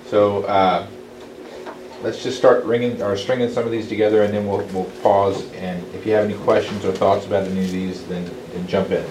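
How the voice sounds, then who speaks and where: Bible study leader, man, mid-pitched, halting delivery, distant mic in a reverberant room. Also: flat delivery, darkish tone. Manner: halting, restarts often, slows for reading. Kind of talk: group Bible study, reading scripture aloud. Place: room with a small group. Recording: echoey room, distant mic, background noise.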